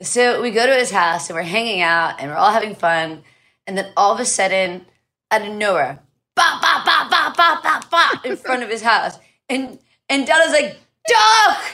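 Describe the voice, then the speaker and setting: A woman's voice: medium pitch, normal speed, a bit bright. A woman, a guest in a casual chat, telling a story in a breezy, laughing way with many fillers.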